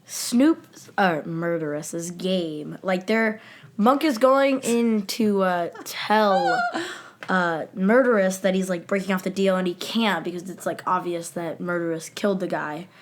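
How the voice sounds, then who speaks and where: A young woman co-hosting a podcast, chatting casually with a relaxed, easygoing way of talking and quick laughs. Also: fairly low pitch. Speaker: podcast co-host. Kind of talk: casual chat.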